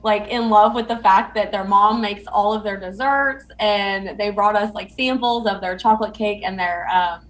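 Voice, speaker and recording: Co-host, woman, mid-pitched, easygoing and gushing. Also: moderate pace, hardly any pauses, a bit bright, poor audio. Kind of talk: casual chat.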